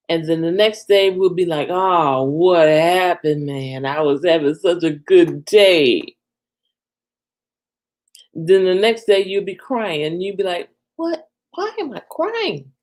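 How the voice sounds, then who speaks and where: Woman spiritual reader hosting a live talk; slow, lively and a little low, checking in with "okay?". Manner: slow, lively delivery, ending phrases with a soft "okay?".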